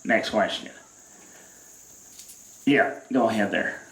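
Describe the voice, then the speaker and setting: Speaking slowly in a lowish, creaky, fairly bright voice, a Louisiana man who calls himself an outdoorsman holds a comedic mock press conference in a barn. His deadpan monologue rambles and drawls, packed with fillers, and the room sounds echoey.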